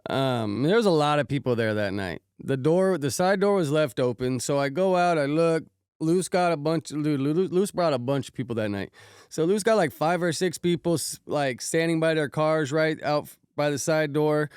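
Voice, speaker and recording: A man's voice: on the high side, normal speed, darkish tone, clean tone, dry recording, clean studio sound. A married man with kids telling a story in a casual, slangy, profane way and saying "bro" a lot. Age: adult, married with kids. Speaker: podcast host recounting an incident.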